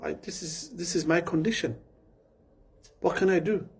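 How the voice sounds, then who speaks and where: A man voicing a fallen old sheikh who speaks quietly and haltingly, as if ashamed. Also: on the high side, breathy edge. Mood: broken, subdued.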